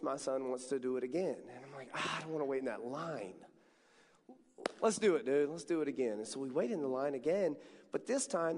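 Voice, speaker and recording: A man in his thirties, a student ministry speaker, telling a chatty, animated story straight to the crowd. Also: high-pitched. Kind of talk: storytelling sermon. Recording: long hall reverb.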